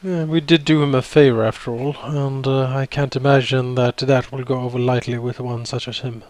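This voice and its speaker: A man's voice: medium pitch, steady tone, moderate pace, a little mellow, no room sound. A man playing a tabletop game, talking in an easygoing, casual way. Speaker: player.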